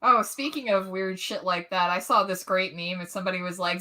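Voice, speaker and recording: A woman's voice: lowish voice, steady tone, fairly quick, hardly any pauses, pushed and bright. A woman co-hosting a podcast, chatting casually in a joking, sarcastic way. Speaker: podcast co-host. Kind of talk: casual chat.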